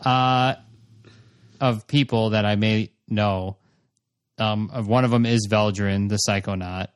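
Slow-talking man playing a tabletop game. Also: on the low side, fairly even intonation, clear, resonant tone, dry recording. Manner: bumbling, hesitant. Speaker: player.

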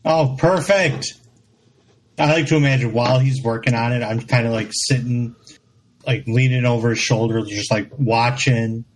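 A man's voice: mid-range voice, fairly even intonation, moderate pace, low-quality recording. A man playing a tabletop game, chatting in a laid-back, easygoing way. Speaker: player. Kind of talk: casual tabletop game chat.

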